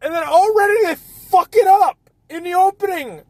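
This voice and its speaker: A man's voice: extremely high pitch, normal speed, darkish tone, no echo. A man hosting a casual film review chat, ranting and swearing a lot. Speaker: host.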